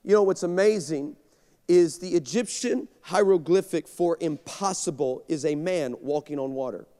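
A guest pastor preaching with animated, rapid storytelling, acting out every line of dialogue. His voice sits high for a man, and the echo of a large church hall trails behind each phrase. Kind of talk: sermon with storytelling. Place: church sanctuary.

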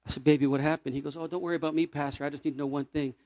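Male evangelist from Puerto Rico, high voice, dry close sound, storytelling sermon, shifts from loud to hushed. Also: racing, no room sound. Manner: animated storyteller, swings from loud cries to near-whispers. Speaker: evangelist preacher.

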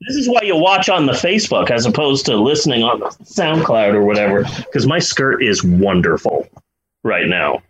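Speaking at a moderate pace, this middle-aged man has a medium-pitched, slightly bright voice that swings widely in pitch. He hosts a podcast, chatting in a rambling, self-mocking way with many restarts. Some hiss or hum comes through the low-quality recording.

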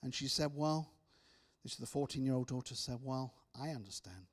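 Male preacher, storytelling testimony, drops to hushed tones. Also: medium pitch, moderate pace. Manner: storytelling with repeated restarts, soft dramatic drops. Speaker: speaker.

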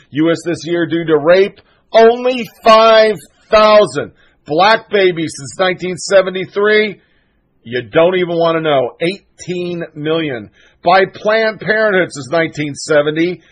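A man's voice: high voice, poor audio. A male show host delivering a solo commentary monologue, ranting in a fired-up, profane and sarcastic way.

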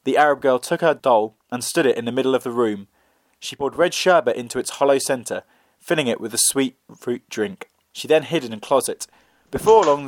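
A man narrating a folk tale in a measured, expressive storytelling reading. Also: mid-range voice, slight background noise.

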